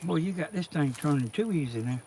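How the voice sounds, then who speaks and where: A man's voice: a little high, animated, fairly quick, background noise. A man from Georgia with a Southern accent filming outdoors, joking and rambling to his viewers. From Georgia, USA. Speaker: vlog cameraman and co-host. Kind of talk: casual vlog chat to viewers. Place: outdoor garden. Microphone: camera he holds.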